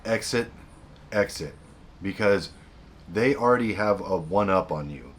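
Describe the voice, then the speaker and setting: A man's voice: deep voice, lively intonation, a little slow, slightly rough. A man hosting a self-help video, giving blunt, repetitive, emphatic advice in a casual monologue.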